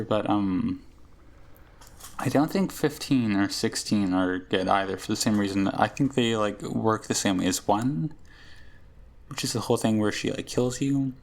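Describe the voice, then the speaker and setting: A young man hosting a let's play, thinking aloud hesitantly with lots of filler words. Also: medium pitch. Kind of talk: casual gaming commentary.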